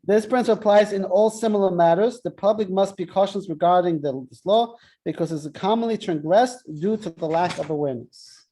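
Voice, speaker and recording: High-voiced man teaching a chatty lesson. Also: fairly quick, few pauses, dark tone. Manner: chatty, keeps asking "right?", tells jokes. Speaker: Torah class teacher. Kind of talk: interactive classroom lesson.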